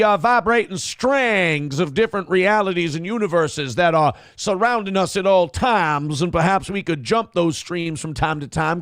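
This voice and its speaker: A man puts on a pompous cartoon rooster with a thick Southern drawl, booming and long-winded, forever circling back with "I say." The voice sits higher than his usual, with a gravelly edge. It is heard close up in a dry room. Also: a bit bright, no echo. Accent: exaggerated Southern US drawl. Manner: repeats "I say", booming and windy. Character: blustery loudmouth cartoon rooster, male, pompous. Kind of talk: comic impression on a talk show.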